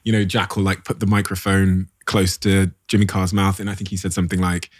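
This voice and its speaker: A man's voice: sits low, flat delivery, fairly quick, no room sound, studio quality. A man hosting a podcast, asking curious questions and agreeing readily. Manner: curious, agreeable, frequent "yeah". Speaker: podcast host. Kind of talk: casual interview.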